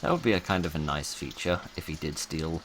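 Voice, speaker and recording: A gaming YouTuber talks wryly to himself while he plays, rambling casually through each step in a let's-play commentary. His voice is extremely low yet expressive, brisk and a bit bright, over soft background music.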